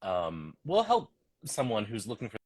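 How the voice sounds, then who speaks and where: A man, a tarot author and teacher, answering interview questions in a thoughtful, measured way. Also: fairly low pitch, huge pitch swings. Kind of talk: casual interview chat.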